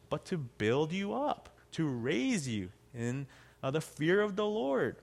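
A man's voice: a little high, very animated, moderate pace. A man preaching a sermon as pastor in a casual, conversational way. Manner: conversational, acts out quotes in other voices.

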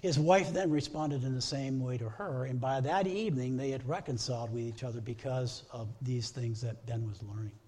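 A man's voice: medium pitch, normal speed, hardly any pauses, a little mellow, breathy edge. A middle-aged man preaching a sermon as pastor, earnest, stacking repeated phrases into lists.

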